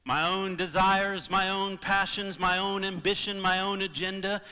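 A man preaching a sermon as pastor, impassioned, swinging between loud appeals and hushed moments. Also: sits high, fairly even intonation, normal speed, smooth, big-room sound. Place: church sanctuary.

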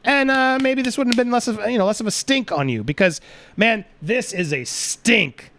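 A man's voice: very high-pitched, moderate pace, sharp tone, slight background noise. A man hosting a movie review show, ranting indignantly and emphatically at the film. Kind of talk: angry movie review rant.

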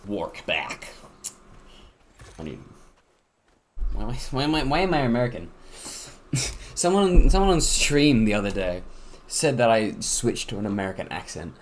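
A man's voice: mid-range voice, sing-song, normal speed, pauses often, a little hiss or hum. A young man giving casual let's-play commentary at home. He gets hyped, swears freely and talks to himself and his game creatures. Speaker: gaming YouTuber and streamer.

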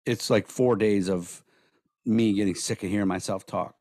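A hoarse-voiced man co-hosting a podcast in loose, rambling chat, cursing freely and telling stories bluntly. His voice sits a little low and is recorded dry and close, with no room sound at all. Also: fairly even intonation, normal speed, a little mellow, no room sound. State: hoarse from days of talking. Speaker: podcast co-host.

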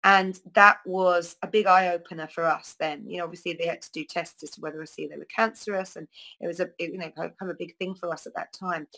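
Rambling woman, lowish voice. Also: fairly even intonation, fast talker, vocal fry, sharp tone, rough recording. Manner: rambling, many ums and restarts. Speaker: wellness talk host. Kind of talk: casual spoken talk to camera.

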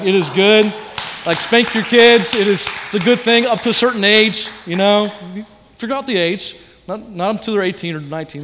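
High-voiced passionate preacher man. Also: a bit bright. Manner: passionate preaching, asks questions and answers them. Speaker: pastor. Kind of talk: sermon. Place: church auditorium. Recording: long reverb of a church hall.

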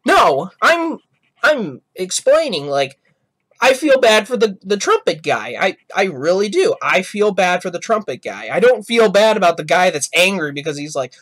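A man's voice: high voice, big pitch swings, moderate pace, fairly bright tone. A man hosting a gaming channel, giving rambling, apologetic reaction commentary. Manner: rambling, apologetic, self-correcting.

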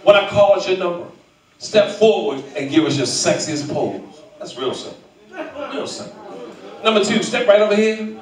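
A man hosting a comedy show, teasing audience volunteers with loud, profane banter from a club stage. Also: high-pitched, animated, fairly quick. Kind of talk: stand-up crowd work. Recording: echoey club, mic from far, loud crowd.

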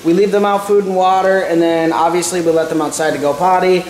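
A man's voice: sits high, fairly even intonation, fast, a little mellow. A young man, a vlogger, coaxing his dogs with patient repeated commands and chatting casually at home. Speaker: vlogger, dog owner. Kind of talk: casual vlog, training dogs. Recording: roomy echo, music behind.

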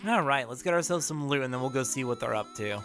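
A woman's voice: extremely low pitch, animated, fast talker, over loud music. A woman with a Pacific Northwest accent doing gaming commentary as a let's play host, playful and self-deprecating.

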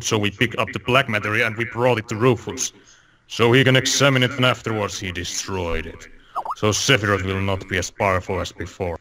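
A man's voice: fairly low pitch, bright, forceful tone. A man steadily reading his part of a fan fiction aloud in a group voice chat.

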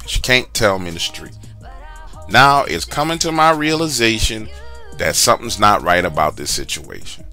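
A man's voice: mid-range voice, sing-song, moderate pace, bright, forceful tone, soft background music. A man casually telling a personal story, chatty and slangy, with asides to the listener. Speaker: storyteller sharing a true story.

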